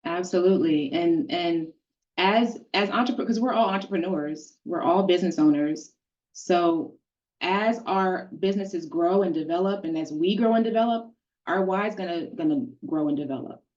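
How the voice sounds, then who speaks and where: Low-voiced woman on dull, distant audio. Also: moderate pace, darkish tone. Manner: restarts words while thinking aloud. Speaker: group session host. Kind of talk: casual group discussion.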